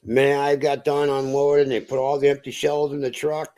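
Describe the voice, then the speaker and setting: A man from Massachusetts, a truck driver, telling a profane, animated story in casual chat and acting out what people said. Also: medium pitch, normal speed.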